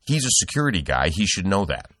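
A man's voice: sits low, big pitch swings, fast, a bit bright. A middle-aged man hosting a podcast, telling a rambling, profane story with lots of restarts. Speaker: podcast host. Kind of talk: casual podcast chat.

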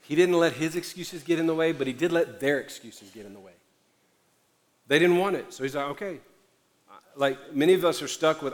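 High-voiced preacher in an echoey hall. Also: male voice, a little fast. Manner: animated, storytelling with playful asides. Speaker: pastor. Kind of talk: sermon.

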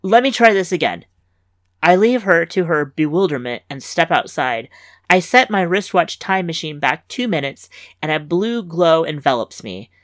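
A woman hosting and reading a story aloud in wry, lively first-person narration on a close mic. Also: sits low, moderate pace, dry recording. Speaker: story reader and host. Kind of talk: scripted fiction narration.

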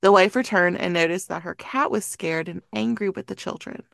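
A woman on a podcast, chatting and narrating a spooky story in an earnest, measured way. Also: fairly low pitch, vocal fry, a bit bright, dry recording, studio quality. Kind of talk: casual chat and story narration.

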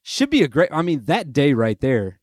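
Young guy rambling on his sports podcast, kinda high voice, dry close mic, laughs at himself. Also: huge pitch swings, normal speed, a little mellow, no room sound. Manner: chatty, rambling, self-amused. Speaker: podcast host. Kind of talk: casual sports podcast monologue. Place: lives in Nashville.

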